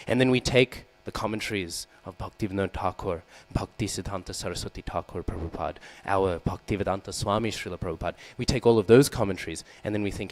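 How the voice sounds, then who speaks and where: A man giving a scripture class in a temple, often checking in with his listeners with "hmm?" and "right?" and acting out quoted lines. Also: rough recording. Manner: acts out quoted lines with raised voice. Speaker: devotional class speaker. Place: temple hall. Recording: low mains hum behind.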